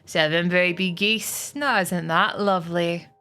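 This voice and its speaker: A woman's voice: lowish voice, fairly even intonation, unhurried, bright, forceful tone, clean tone. A woman voicing a friendly, cheerful male farmer counting new goslings with delight.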